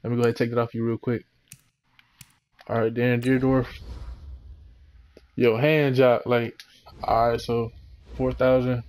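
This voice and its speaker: A man's voice: mid-range voice, moderate pace, pauses often. Laid-back young man reacting to gameplay. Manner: laid-back slangy chatter, sudden excited outbursts. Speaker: gaming channel host. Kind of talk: casual gameplay commentary.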